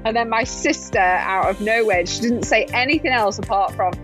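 Animated British woman guest, conversational storyteller, music bed audible. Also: on the high side, normal speed. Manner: chatty, animated, self-deprecating. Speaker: guest, former Olympic swimmer. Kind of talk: anecdotal storytelling in interview.

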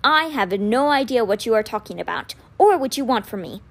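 A woman reading aloud plays a suspicious, rule-bound teenage twin from a storybook, cold and curt in every word. The voice sits high and moves in lively jumps. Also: brisk.

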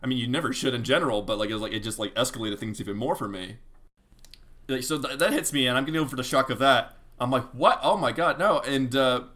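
A young man with a bright, forward tone tells a long story on a casual podcast. He is animated and full of fillers, acting out his own quotes as he goes. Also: mid-range voice, fast. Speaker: podcast co-host telling a story.

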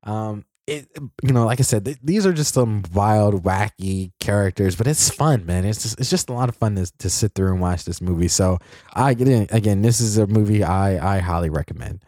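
A man's voice: on the low side, moderate pace, warm tone, dry recording, studio quality. A man giving a casual spoken film review for his show, rambling with many fillers and restarts. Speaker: podcast movie reviewer.

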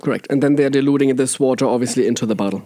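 German-accented man, mellow and enthusiastic. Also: mid-range voice, racing, dry recording, clean studio sound. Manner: enthusiastic, explanatory. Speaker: water sommelier guest. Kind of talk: casual podcast chat.

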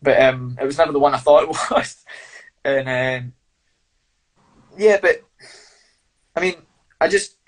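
A man with a husky, slightly rough voice, chatting as an interview guest. He tells blunt, sweary stories in a relaxed, laughing way. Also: on the high side, measured pace, pauses often, rough recording. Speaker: fighter and guest. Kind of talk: casual storytelling interview.

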